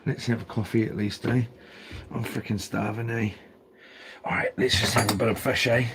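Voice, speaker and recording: This is a male vlogger from New Zealand speaking casually to camera aboard an ocean houseboat, slangy and rambling as he talks to himself. His voice sits on the low side, with fairly even intonation and normal speed, over a noisy background.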